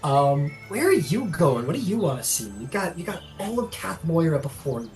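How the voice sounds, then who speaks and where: A man's voice: on the high side, sing-song, moderate pace, a little mellow. Guy running a tabletop game, describing the city, lots of ums, faint music behind. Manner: descriptive, with frequent ums and restarts. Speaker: game master.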